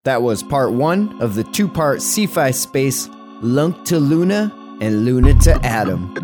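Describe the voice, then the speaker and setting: A man's voice: medium pitch, sing-song, unhurried, a little mellow, faint music behind. A man hosting a podcast, reading a scripted outro. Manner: read from a script. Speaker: podcast host.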